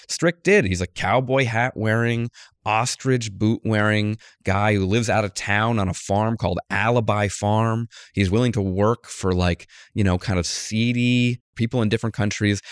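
A male journalist as an interview guest, telling a story with lively acted-out quotes. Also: on the low side, moderate pace, no echo, clean studio sound. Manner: animated storyteller, acts out quotes. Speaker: guest author, political journalist. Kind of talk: conversational interview.

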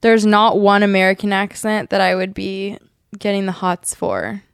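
A young woman co-hosting a podcast, chatting casually in a bubbly, giggly, animated way. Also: medium pitch, normal speed, vocal fry, smooth, no room sound, clean studio sound. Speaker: podcast co-host. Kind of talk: casual chat.

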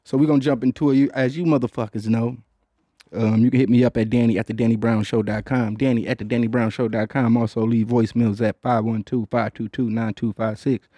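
A man's voice: mid-range voice, little pitch movement, brisk, mellow, dry recording. A man hosting a podcast, chatting in a loose, rambling, profane way with lots of fillers, recorded in a studio booth. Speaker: podcast host. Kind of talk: casual podcast chat.

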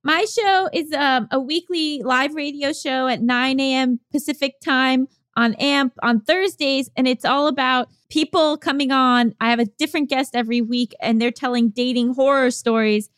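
Woman co-host, high and very animated, laughs often, reads letters, dry studio mic. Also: moderate pace, hardly any pauses, smooth, dry recording. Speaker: podcast co-host. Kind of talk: casual chat and reading listener letters.

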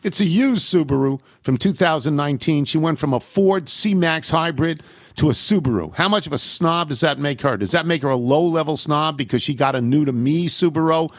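A man's voice: a little high, moderate pace, no echo. A man hosting a radio show, reading listener emails aloud with a wry, amused delivery and the odd laugh. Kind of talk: reading listener mail aloud with dry humor.

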